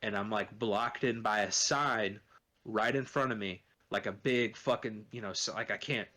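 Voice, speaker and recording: A man's voice: on the low side, moderate pace, pushed and bright. A man co-hosting a podcast, rambling through a story in casual chat, full of swearing and filler words. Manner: rambling, profane, lots of "you know" and "like". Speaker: podcast co-host.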